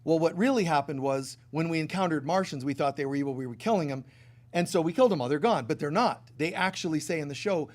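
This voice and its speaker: A middle-aged man preaching a spiritual sermon, telling a story with playful asides, often dropping soft and then rising loud. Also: on the high side, fast. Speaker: spiritual teacher.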